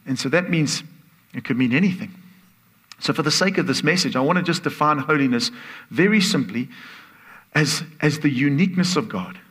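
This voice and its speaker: A man preaching a sermon as a guest speaker, earnest and building from soft, quiet phrases to excited exclamations. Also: fairly high pitch, normal speed, slightly rough.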